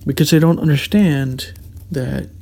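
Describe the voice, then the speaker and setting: A man's voice: fairly high pitch, unhurried, darkish tone, slight background noise. A man hosting a solo podcast, talking reflectively in a meandering way, with frequent restarts and hesitations. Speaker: podcast host.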